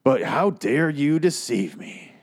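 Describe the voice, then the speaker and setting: A man's voice: a little high, very animated, slow pace, a little mellow, pitched above the performer's own voice, exaggerated voice. A man camping up a haughty scornful woman. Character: haughty indignant young woman scolding her husband.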